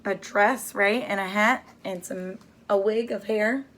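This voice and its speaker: A woman reading a storybook aloud to children, pausing to ask them questions. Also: mid-range voice, steady tone, a bit bright. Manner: pauses to ask listeners questions. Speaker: storybook reader.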